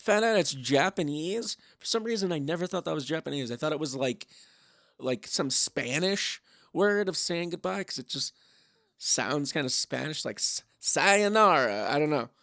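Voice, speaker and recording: Young male podcast host, slightly high, gravelly voice, rambling and self-mocking, dry close mic. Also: expressive, normal speed, a bit bright, no room sound. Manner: rambling, self-deprecating, swears. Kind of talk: casual podcast sign-off.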